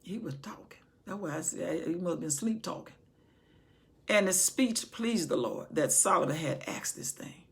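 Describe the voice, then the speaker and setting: A woman's voice: fairly low pitch, expressive, normal speed, creaky, fairly bright tone. A woman Bible teacher giving a sermon, reading scripture with dramatic emphasis and explaining it.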